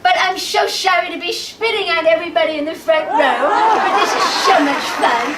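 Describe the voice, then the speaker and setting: A woman putting on a lisping old showbiz diva who gushes and coos theatrically, pitched high. The voice rings through an echoey club and sounds far from the mic. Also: normal speed, over a noisy crowd, heavy background noise. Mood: gushing. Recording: echoey club, heard from a distance.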